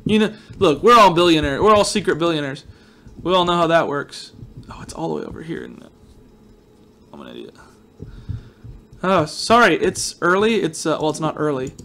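A man's voice: fairly high pitch, sing-song, moderate pace, pauses often, sharp tone, a little hiss or hum. A man hosting a casual let's-play video, rambling and joking with viewers, his voice a little groggy from just waking up. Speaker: gaming video host.

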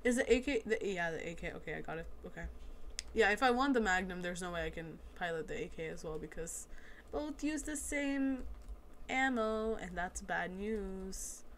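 A woman giving casual let's-play commentary as she plays a video game, excitable and quick to exclaim at the action. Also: on the low side, a little hiss or hum.

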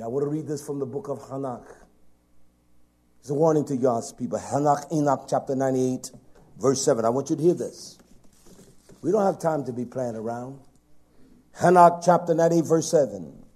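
Husky-voiced preacher man. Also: mid-range voice. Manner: swings from loud preaching to whispers. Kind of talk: sermon.

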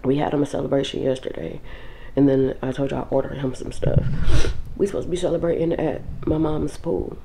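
A woman with an unusually deep, low voice chats informally to the camera for her viewers. She is sick with the flu and sounds weak and drained, with faint ambient noise behind her. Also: steady tone, fairly quick, vocal fry, mellow, rough recording. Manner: tired, informal, talks straight to viewers. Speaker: vlogger and mother. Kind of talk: casual vlog chat.

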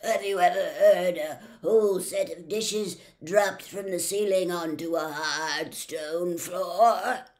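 A woman voicing a hoarse, croaking male doctor with a raspy voice in a storybook reading. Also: fairly low pitch, slow pace, darkish tone. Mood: curious.

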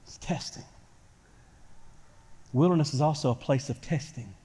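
A pastor preaching a sermon to his church, swinging from quiet talk to loud shouting. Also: mid-range voice, moderate pace, breathy edge. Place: church sanctuary. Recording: church hall reverb.

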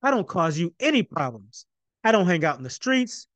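A man voicing an eager, excitable teenage boy in a read-aloud novel, his delivery pitched up and pleading. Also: quick pace, no room sound, highs cut off, natural voice.

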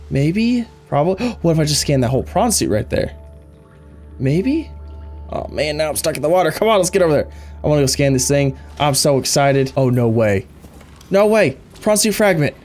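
A man giving excitable let's play commentary, thinking aloud and gasping at each new find. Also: on the high side, slight background noise. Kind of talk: gameplay commentary.

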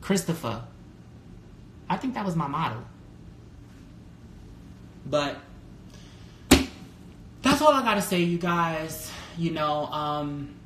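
A man talking casually on a live stream, candid and full of swearing, reading out viewer comments and jumping to a high pitch when excited. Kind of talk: casual livestream chat. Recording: roomy echo with faint background noise.

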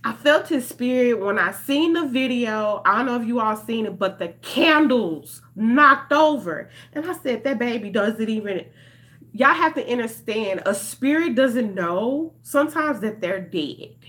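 A woman's voice: a little high, animated, a little slow, a bit bright. A young woman, talking straight to her viewers in an impassioned vlog. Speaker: vlogger. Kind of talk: emotional direct-to-camera commentary.

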